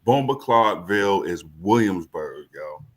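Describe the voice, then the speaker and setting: A man from Brooklyn, hosting a casual group chat and telling an excitable story with plenty of swearing. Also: low-pitched, unhurried, slight background noise.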